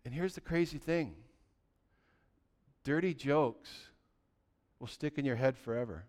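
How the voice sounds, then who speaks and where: A middle-aged man preaching a sermon as pastor, conversational and animated, full of rhetorical questions. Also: mid-range voice, measured pace.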